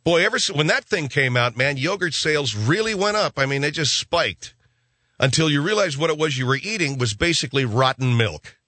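A male talk radio host rambles through his monologue, gruff and sarcastic. His bright voice rises and falls a lot as he riffs. The sound is dry and close, with no room around it. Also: on the high side, lively intonation, fairly quick, no room sound.

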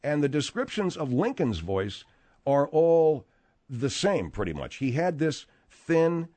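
A man hosting a talk radio show, rambling and animated, with frequent restarts as he talks. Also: a little high, unhurried. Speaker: radio host.

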